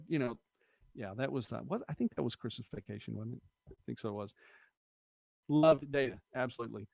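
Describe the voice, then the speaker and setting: A man's voice: medium pitch, expressive, brisk, vocal fry, pauses often, a little mellow, dry recording. Chatty middle-aged man, dry close mic. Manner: chatty, rambling, quotes movie lines. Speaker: host of a local live-stream show. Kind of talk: casual live-stream chat reading viewer comments.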